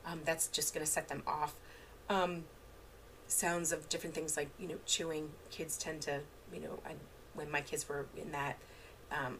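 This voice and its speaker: A woman's voice: low voice, steady tone, a little fast, fairly bright tone, a little hiss or hum. A woman therapist giving an unscripted online training in a casual way, full of fillers and restarts, with examples from her own parenting. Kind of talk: unscripted lecture.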